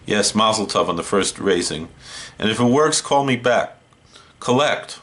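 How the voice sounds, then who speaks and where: A man hosting a horror movie show, doing a comedic one-sided phone call in a deadpan, wry way. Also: fairly low pitch, measured pace.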